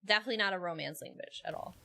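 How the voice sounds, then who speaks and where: A woman's voice: on the low side, animated, rapid-fire, vocal fry, bright, forceful tone. A woman streamer in casual chat, laughing often and talking freely with viewers and her co-host. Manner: giggly, chatty, laughs often.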